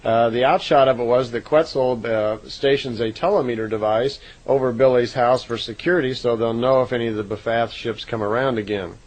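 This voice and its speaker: A man talks through a long account in a relaxed, unscripted way. He pauses on fillers and corrects himself as he goes. His voice sits at an ordinary middle pitch for a man. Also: low-quality recording. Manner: unhurried, conversational, frequent "uh" fillers and self-corrections. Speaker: narrator recounting contact reports. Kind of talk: casual spoken retelling.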